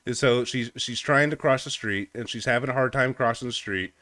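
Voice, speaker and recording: A man with a mid-pitched voice delivers blunt, mocking reaction commentary. He sounds sarcastic and incredulous, and the recording is dry and close with no room sound. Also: brisk, pushed and bright, dry recording. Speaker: commentary host.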